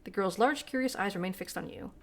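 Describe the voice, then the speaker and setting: A woman's voice: mid-range voice, fast, fairly bright tone. Woman, streamer, casual gameplay chatter, swears a lot, self-deprecating. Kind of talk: casual gameplay commentary, reading game text aloud.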